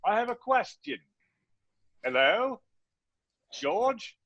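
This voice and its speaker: A man putting on a high, exaggerated Cockney voice as a caller asking him a question. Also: big pitch swings, takes it slowly, fairly bright tone, no room sound, highs cut off, exaggerated voice. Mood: playful. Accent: put-on Cockney. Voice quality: high squeaky put-on voice.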